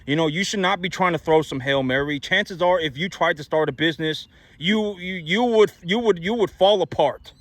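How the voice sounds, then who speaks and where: A man's voice: a little high, moderate pace, no room sound. A man ranting bluntly to camera, rambling with constant fillers and restarts. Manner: rambling, many "you know" fillers and restarts. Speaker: video host.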